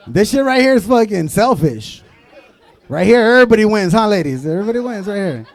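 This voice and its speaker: A young man from Southern California performs a loud, crude stand-up comedy set, working the crowd and tossing in Spanish asides. His voice sits high and swings wildly in pitch. The sound is dry and close. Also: very animated, brisk, no echo.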